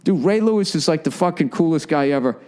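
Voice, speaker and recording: A middle-aged man with a Boston accent hosting a podcast, telling a comedic story with swearing and acting out other people. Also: fast. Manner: profane, animated, acts out quoted people in higher voices. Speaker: podcast host.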